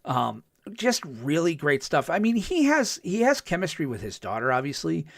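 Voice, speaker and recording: A man hosting a podcast, recapping a TV episode in a casual, excited way, full of ums and restarts and acting out the characters' lines. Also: on the high side, normal speed, creaky, dry recording, clean studio sound. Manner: chatty, with frequent ums and restarts. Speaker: podcast host.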